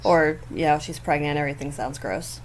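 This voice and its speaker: A woman's voice: low-pitched, brisk, a little hiss or hum. Chatty, giggly woman narrating gameplay. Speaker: gaming channel host. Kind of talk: casual gameplay commentary. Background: faint neighbors outdoors.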